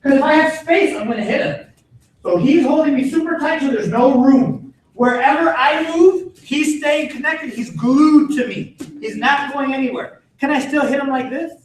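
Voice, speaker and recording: A man's voice: very high voice, moderate pace, a little hiss or hum. A man teaching a martial arts self-defense class to kids, giving firm, repetitive instructions. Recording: echoey gym from far off.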